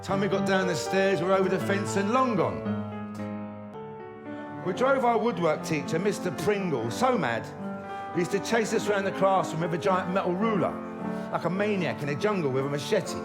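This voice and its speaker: Cheeky middle-aged storyteller, slightly higher voice, comic monologue. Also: male voice, expressive, moderate pace, loud music behind the voice. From London. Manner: wry, cheeky, conversational.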